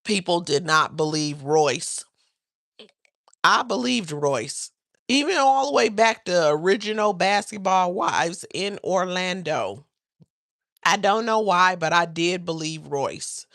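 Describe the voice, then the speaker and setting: Woman livestream host, lower voice, gossipy and laughing, dry close sound. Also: takes it slowly, gravelly, no room sound. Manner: chatty, animated, laughs often, talks to the chat. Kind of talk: casual celebrity gossip livestream.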